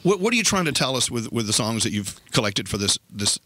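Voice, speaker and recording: A man's voice: medium pitch, big pitch swings, fast, bright, forceful tone, dry recording. A man with a Texan accent hosting a morning radio interview, joking and teasing his guest. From Texas. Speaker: radio host. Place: radio studio.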